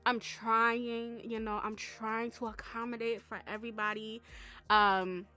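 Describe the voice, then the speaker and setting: A young woman vlogging casually about a life-simulation game, excitable and rambling, with lots of fillers. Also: a little high, measured pace, faint music behind. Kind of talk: casual chat.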